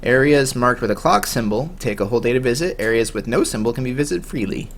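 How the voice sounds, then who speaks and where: A man's voice: medium pitch, expressive, fast talker, a little hiss or hum. Chatty man streaming a game. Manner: offhand, self-mocking and chatty. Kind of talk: casual game commentary.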